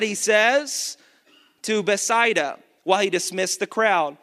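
A male pastor giving an energetic sermon, reading scripture and calling out to the congregation. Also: sits high, measured pace. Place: church. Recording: long church reverb.

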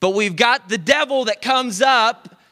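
A man preaching a sermon, telling a story in a lively, conversational way with dramatic pauses. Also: very high-pitched. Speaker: pastor.

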